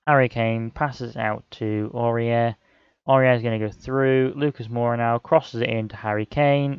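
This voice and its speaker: A man's voice: medium pitch, steady tone, normal speed, clear, resonant tone, no room sound, highs cut off. A young man commentating on a football management game, often frustrated and exclaiming at the action. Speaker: gaming channel host.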